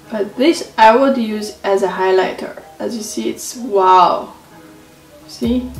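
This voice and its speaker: Slow-talking woman with non-native English. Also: a little high. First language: not English. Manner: unhurried, halting non-native phrasing with many fillers. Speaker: beauty vlogger. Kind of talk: casual product haul talk. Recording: roomy echo, mic at a distance, faint music.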